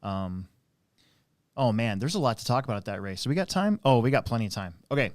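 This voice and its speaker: A man's voice: medium pitch, lively intonation, quick pace, dry recording, studio quality. A man hosting a casual live stream, telling long rambling stories about racing with plenty of fillers and restarts. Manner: rambling anecdotal storyteller, many fillers. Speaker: host and RC track operator.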